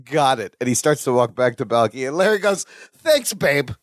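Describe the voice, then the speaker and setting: A man's voice: mid-range voice, fairly quick, dry recording, clean studio sound. A man co-hosting a podcast, recapping a sitcom episode in casual chat and acting out the characters' lines as he goes. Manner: animated retelling, acts out characters' lines. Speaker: podcast co-host.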